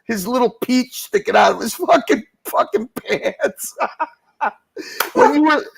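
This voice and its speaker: A man with a high, gravelly voice on a livestream, trading teasing jokes with the panel and laughing often. His delivery is loose and playful, with a rough fry under his words. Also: animated, unhurried, slight background noise, low-quality recording. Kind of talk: casual chat.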